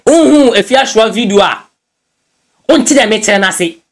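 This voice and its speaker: Animated and casual, a man from Ghana who runs a news blog comments on gossip, dropping English phrases in as he goes. He speaks at a normal speed in a high-pitched voice.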